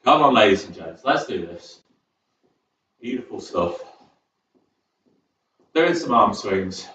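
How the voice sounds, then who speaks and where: A man's voice: fairly low pitch, animated, slow pace, bright, forceful tone, slight background noise. A young man leading a chair exercise class, chatty and encouraging with rambling asides. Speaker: fitness instructor. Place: community sports centre. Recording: echoey hall, distant, dull sound.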